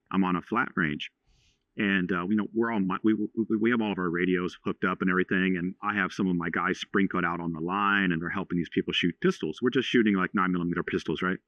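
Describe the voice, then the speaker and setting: A man in his forties from Texas, a podcast guest telling a story in a halting way, with many restarts and fillers. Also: deep voice, fairly bright tone, no echo. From Houston, Texas. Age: 40s. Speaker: podcast guest, franchise owner. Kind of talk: casual storytelling. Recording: slightly dull lo-fi sound.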